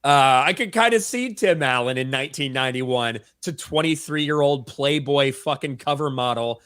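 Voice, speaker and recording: A man's voice: mid-range voice, normal speed, fairly bright tone, clean tone. A man in a casual podcast chat on a video call, talking in a sarcastic, profane way. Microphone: webcam mic on a video call.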